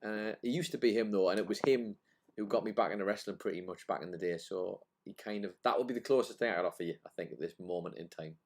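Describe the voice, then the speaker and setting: A man's voice: sits low, fast talker, a little mellow. A young man co-hosting a live stream, joking with dry, self-deprecating humour. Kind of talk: casual live stream chat.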